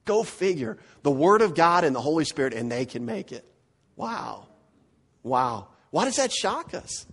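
A man's voice: a little high, measured pace, slightly rough. Emphatic male pastor preaching. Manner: animated, emphatic, repeats words when stressing a point. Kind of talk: verse-by-verse sermon.

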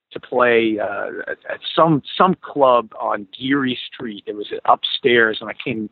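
Animated man telling a story over a tinny line. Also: mid-range voice, gravelly, slightly rough, no room sound. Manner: animated storyteller, acts out quoted dialogue. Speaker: guest musician. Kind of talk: storytelling in a podcast interview. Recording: tinny phone-like call audio.

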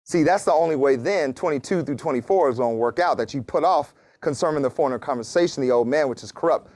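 A man's voice: fairly high pitch, fast, darkish tone, no echo, clean studio sound. A man preaching a casual sermon, reading scripture and joking with his congregation. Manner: casual, joking preaching with laughs and acted asides. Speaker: pastor.

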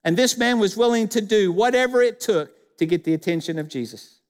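A man's voice: high-pitched, expressive, fairly quick. A male pastor preaching a sermon in a church sanctuary, speaking with emphasis and putting rhetorical questions to the congregation. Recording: long reverb of a church hall.

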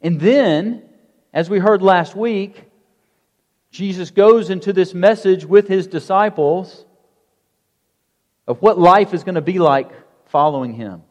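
A pastor preaching a sermon in a conversational way, asking the congregation rhetorical questions. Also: male voice, high voice, takes it slowly, long pauses, dull audio. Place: church sanctuary. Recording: long church hall reverb.

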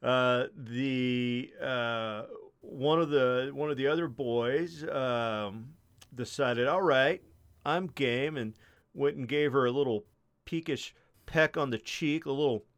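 A man's voice: medium pitch, slow pace, a bit bright. A man hosting a podcast, casually telling a long story with lots of swearing and fillers. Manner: rambling, profane, many fillers. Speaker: podcast host.

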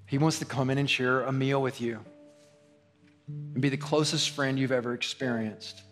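A man's voice: medium pitch, steady tone, normal speed. A man preaching a sermon as pastor, earnest and repetitive, his delivery swelling in intensity. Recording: long hall reverb with faint guitar music.

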